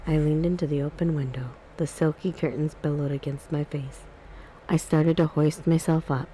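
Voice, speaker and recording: A woman reading a spooky children's book aloud in a soft, calm ASMR style. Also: sits low, moderate pace, a little hiss or hum, low-quality recording. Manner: calm, even storybook reading.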